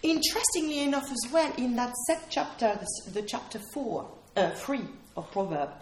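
A woman's voice: fairly high pitch, very animated, normal speed, a little hiss or hum. Woman preaching earnestly in an echoey hall. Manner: earnest, emphatic, repeats key phrases. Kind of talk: sermon. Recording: roomy hall echo.

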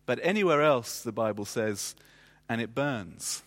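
A man's voice: mid-range voice, animated, a bit bright. Man preaching in a reverberant church. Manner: measured, emphatic delivery with frequent fillers. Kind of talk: sermon.

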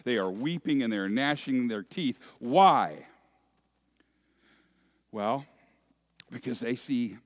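A man preaching a sermon as pastor, deliberate and asking his congregation rhetorical questions. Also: fairly low pitch.

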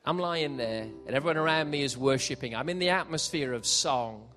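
A man preaching a live sermon at a church service, building passionately and sometimes shouting. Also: a little high, brisk. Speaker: pastor. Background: faint piano.

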